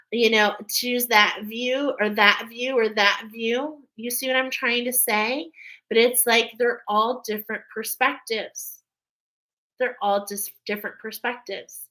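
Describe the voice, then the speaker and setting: A woman leads a spiritual card reading for her viewers at an unhurried, drawn-out pace. She wanders through her thoughts with many fillers and checks in often with the listener. Her talk turns open and emotional as she goes. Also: fairly high pitch, sharp tone, rough recording.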